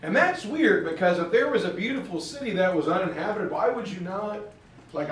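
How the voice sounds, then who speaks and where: Higher-pitched male teacher, jokey lecture style, distant classroom audio. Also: brisk. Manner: jokey, animated storyteller. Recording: echoey classroom from far off.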